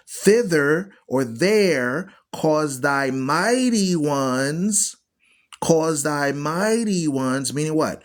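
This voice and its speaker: A man's voice: on the high side, animated, very slow. A man hosting an online Bible radio show, teaching scripture in an emphatic, preachy way and repeating phrases for stress. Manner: preachy, argues with viewers.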